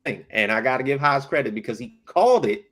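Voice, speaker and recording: A man co-hosting a casual podcast, walking through a cartoon episode. He swears freely and slips into the characters' lines as he goes. His voice swings widely in pitch at an everyday middle register. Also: quick pace, over music. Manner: animated, profane, acts out characters' lines. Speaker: podcast co-host.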